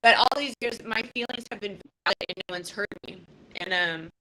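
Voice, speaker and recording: Bright-voiced woman in her fifties, raw and profane. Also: mid-range voice, a little fast, a little hiss or hum, poor audio. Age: 50s. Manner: raw, emotional and profane, with many restarts. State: close to tears. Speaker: podcast host. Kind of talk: casual live podcast talk.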